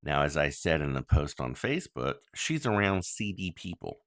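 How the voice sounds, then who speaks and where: A man talking straight to his listeners as a worried, angry father, blunt and full of ums. His voice sits very low but swings widely in pitch. The sound is dry and close. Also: big pitch swings, moderate pace, fairly bright tone, no room sound. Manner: frank, blunt, frequent ums and swearing; indignant, complaining. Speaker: father making a public plea. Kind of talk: monologue to listeners.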